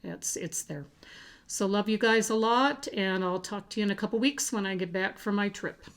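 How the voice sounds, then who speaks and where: A woman hosting a cross-stitch vlog, chatting casually to camera in a halting way, with frequent fillers and restarts. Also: medium pitch.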